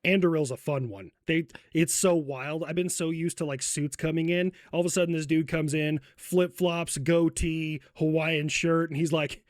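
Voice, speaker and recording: A man's voice: on the high side, moderate pace, hardly any pauses, dry recording, clean studio sound. A man co-hosting a comedy news show, talking in a rambling, offhand way. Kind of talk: casual chat.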